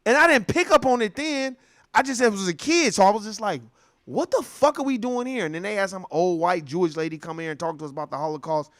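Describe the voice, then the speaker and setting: Animated man telling stories. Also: high-pitched, quick pace, dry recording, studio quality. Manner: animated storytelling, acts out voices. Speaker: commentator. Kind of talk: casual profane monologue.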